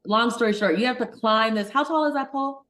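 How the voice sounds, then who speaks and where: A middle-aged woman physician from Detroit telling a personal story in an interview, animated, acting out the voices of people she quotes. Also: on the high side, quick pace. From Detroit, Michigan. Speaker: guest, physician.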